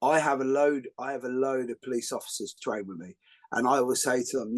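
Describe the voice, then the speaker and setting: A middle-aged man, hosting a podcast and telling jokey stories in a lively, rambling way with many fillers and restarts. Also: medium pitch, fairly quick. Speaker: podcast host. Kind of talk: casual podcast conversation.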